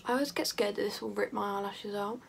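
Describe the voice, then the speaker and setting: A teenage beauty vlogger chats casually through her makeup routine, self-mocking and prone to rambling asides. Her voice is mid-range with vocal fry, and she talks fast with fairly even intonation.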